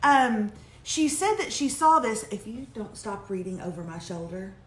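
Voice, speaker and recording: A woman's voice: mid-range voice, moderate pace. A middle-aged woman, hosting a casual live chat, reading viewer emails and teasing with jokes and laughter. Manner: animated, joking, laughing, teasing. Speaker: host. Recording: echoey room.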